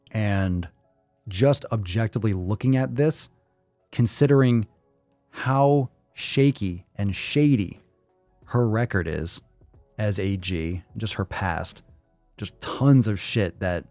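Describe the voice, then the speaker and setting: A man's voice: lowish voice, darkish tone, dry recording. A man hosting his own show, ranting in casual commentary, emphatic and profane, repeating words to drive his point. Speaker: podcast host.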